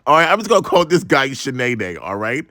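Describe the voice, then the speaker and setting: A man's voice: medium pitch, a little fast, no echo, studio quality. A young man in his twenties from Maryland, telling a story casually with lots of slang and swearing. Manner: animated, profane, slangy, exclaims "bro" a lot. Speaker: storytime vlogger.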